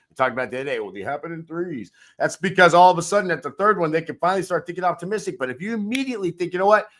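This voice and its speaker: Bright-voiced guy hyping people up, emphatic, a bit high. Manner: energetic pep talk, emphatic. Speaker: podcast co-host. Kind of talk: motivational podcast talk.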